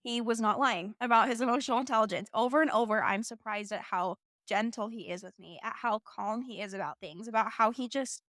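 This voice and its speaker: A woman's voice: fairly high pitch, a little fast, hardly any pauses, a bit bright, no echo, studio quality. A young woman in her twenties hosting a podcast, telling a personal story in a casual, chatty way full of "like" fillers. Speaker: podcast host.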